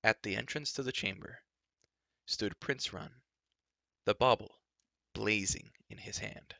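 Male storybook reader, low gravelly voice, dramatic read. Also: a little slow, pushed and bright, no room sound. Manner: dramatic narration. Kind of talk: live storybook reading.

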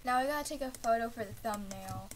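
A woman's voice: fairly high pitch, fast, crowd noise. A woman hosting a casual gaming video, coaching a friend with teasing, giggly remarks. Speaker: gaming channel host.

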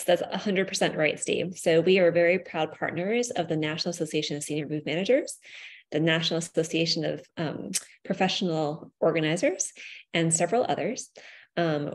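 Woman founder, lower pitch, animated storyteller, fluent and upbeat. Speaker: company founder. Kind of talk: casual live discussion.

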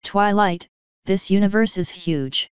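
A woman's voice: mid-range voice, a little slow, smooth, no room sound, natural voice. A woman doing a haughty pony sorceress. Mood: imperious. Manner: haughty, formal speech. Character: proud imperious female pony sorceress, commanding. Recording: slightly dull, dry recording.

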